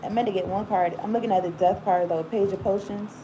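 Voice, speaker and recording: A woman with a steady, mid-range voice talks fast through a casual tarot reading in very noisy conditions. She wanders from point to point, laughs often, and speaks right to the viewer with plenty of asides.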